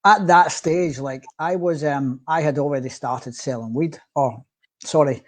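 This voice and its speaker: A man hosting a podcast, talking in a relaxed, reflective way with halting restarts. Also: on the high side. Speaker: podcast host. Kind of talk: casual conversation.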